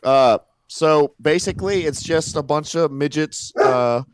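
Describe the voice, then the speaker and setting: A man's voice: on the high side, unhurried, a little hiss or hum. A young man telling a rambling story in casual chat, laughing at his own tale. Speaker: guest.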